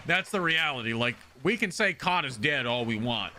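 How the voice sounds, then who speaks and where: A man's voice: medium pitch, moderate pace, slight background noise. A man streaming a game live, chatting casually with heavy swearing and stammered restarts. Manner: profane, animated, frequent stammering restarts. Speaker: gaming streamer. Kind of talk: casual live-stream chat while playing.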